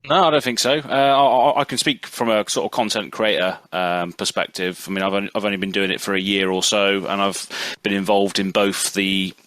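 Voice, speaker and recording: A man from Europe, a content creator talking as a guest on a podcast panel, relaxed and rambling with many restarts. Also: fairly low pitch, a little fast, few pauses, dry recording. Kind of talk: casual podcast panel chat.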